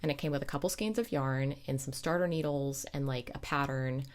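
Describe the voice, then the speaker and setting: A young adult woman with an extremely low, brisk voice hosts a knitting podcast. She chats casually, drifting into side stories and then correcting herself.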